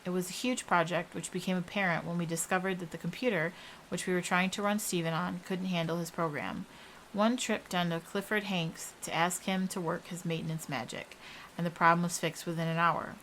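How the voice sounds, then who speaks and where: A young woman reads a first-person horror story aloud in a steady, even storytelling voice. Her voice sits a little low, with a faint hiss behind it. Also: brisk, poor audio. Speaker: narrator.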